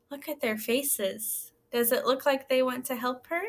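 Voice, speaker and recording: A woman teaching young children in a recorded lesson, reading a story aloud and asking gentle, encouraging questions. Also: high voice, steady tone, unhurried. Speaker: elementary school teacher.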